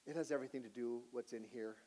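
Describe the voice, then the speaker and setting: A man pastor preaching a sermon in an earnest way, moving between lively asides and hushed emphasis. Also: mid-range voice, quick pace.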